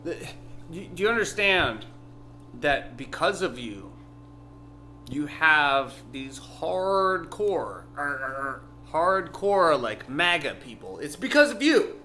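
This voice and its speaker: A tipsy man delivering a rambling, profane vlog rant that bursts into yelling. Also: on the high side, sing-song, slow, soft background music. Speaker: vlogger. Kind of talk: ranting vlog monologue.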